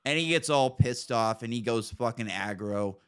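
A man hosting a podcast, telling stories in a casual, animated and profane way. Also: medium pitch, normal speed, clean tone. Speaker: podcast host. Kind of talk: casual storytelling chat.

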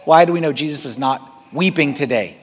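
A man, a priest giving a conversational, animated sermon. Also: a little high, fairly quick, slightly rough, faint music behind. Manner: conversational, animated preaching with rising emphasis. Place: large church hall. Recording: long church reverb.

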